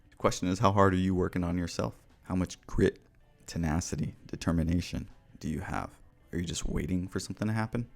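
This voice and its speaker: Deep gravelly man giving motivational advice. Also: steady tone, a little fast. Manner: earnest, direct advice to the listener. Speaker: podcast host. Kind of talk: motivational talk.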